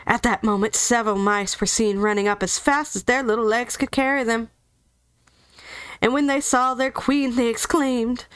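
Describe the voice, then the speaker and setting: Southern woman storyteller, playful, chatty, fairly high voice, dry close sound. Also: moderate pace, fairly bright tone, clean tone, dry recording. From Georgia, US. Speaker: storybook reader. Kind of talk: reading a children's novel aloud with casual asides.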